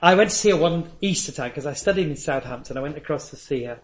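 Older preacher, raised voice. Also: male voice, fairly high pitch, expressive, fast. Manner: earnest storytelling with asides. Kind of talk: sermon.

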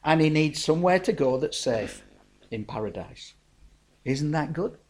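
A man's voice: on the high side, animated, measured pace, a little mellow, slight background noise. A middle-aged man, preaching a sermon in a folksy, storytelling way, calling his listeners folks.

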